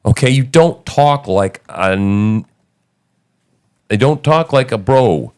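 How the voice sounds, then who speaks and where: A man's voice: mid-range voice, animated, takes it slowly, a little mellow, clean tone. A man hosting a podcast, talking in casual, profane, joking commentary. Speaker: podcast host.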